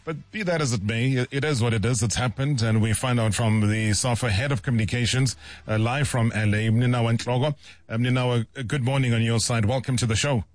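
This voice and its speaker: Brisk male radio sports host, dry studio. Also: medium pitch, fairly even intonation, no room sound. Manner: brisk, conversational, some fillers. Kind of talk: radio sports talk interview.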